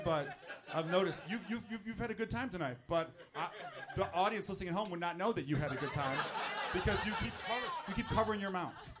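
A man doing a stand-up set in a comedy club, bantering chattily with the crowd. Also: high voice. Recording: noisy live club recording, audience laughter.

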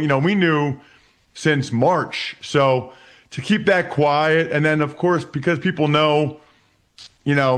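A man in his forties from Pennsylvania, telling stories as a guest. His voice sits a bit high for a man. He is animated and keeps restarting his sentences with repeated words. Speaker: interview guest. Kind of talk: casual storytelling.

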